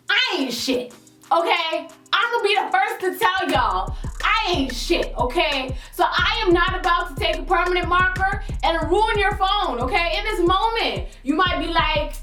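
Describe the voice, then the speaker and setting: A young woman spins a storytime for her viewers, sassy and animated, jumping into high exclaiming bursts when she quotes people. Her voice sits high and sounds a little distant, bouncing around an echoey room. Soft music plays underneath. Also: normal speed. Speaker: vlogger telling a story. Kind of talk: storytime vlog, casual chat.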